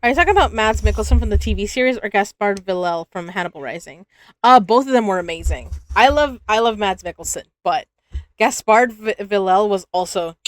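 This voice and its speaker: A woman's voice: medium pitch, no room sound. A woman in her twenties streaming and chatting casually, giggly and full of restarts, her throat dry and scratchy. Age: 20s. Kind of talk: casual live-stream chat.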